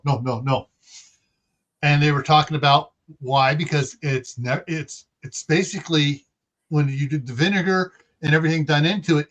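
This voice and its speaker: Halting, rambling man hosting a chat. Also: fairly high pitch, fairly bright tone, highs cut off. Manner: rambling, halting with many fillers. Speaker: host. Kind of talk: casual panel chat.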